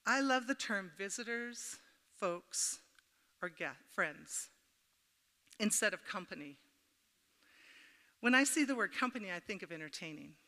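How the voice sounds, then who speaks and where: A woman's voice: medium pitch, expressive, unhurried, long pauses, sharp tone. A middle-aged woman giving an informal devotional talk at a church gathering, chatty and humorous, telling personal stories and speaking straight to her listeners. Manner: chatty and humorous, addresses the audience directly. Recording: reverberant hall.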